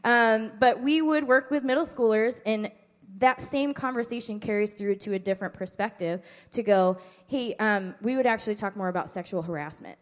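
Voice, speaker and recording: Middle-aged woman, parenting class speaker, casual and animated, does kids' voices in her stories. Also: moderate pace, in a large hall. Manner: animated storytelling, acting out children's high-pitched replies. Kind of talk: informal talk to a parent group.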